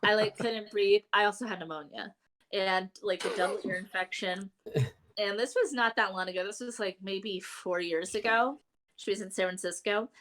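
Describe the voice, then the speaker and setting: A woman co-hosting a casual podcast chat from home, telling stories with lots of laughter and big swings in her voice. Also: moderate pace. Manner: animated, laughing storyteller with big pitch swings. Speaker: co-host. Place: home, remote live show during lockdown.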